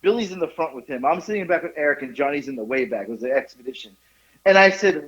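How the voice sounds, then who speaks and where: A man in his forties tells a story on a casual podcast, his higher voice swinging up and down a lot. He laughs and swears as he goes and trips into restarts. The audio sounds dull and lo-fi. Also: fast. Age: 40s. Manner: animated, laughing, profane anecdote telling with rambling restarts. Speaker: podcast host.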